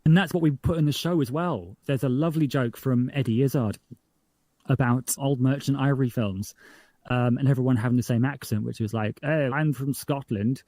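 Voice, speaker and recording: Guy from the north of england chatting about his podcast, dark mellow voice, dry sound. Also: medium pitch, a little fast, dry recording. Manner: chatty, self-correcting, animated when telling jokes. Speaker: guest, podcast creator. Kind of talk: casual interview.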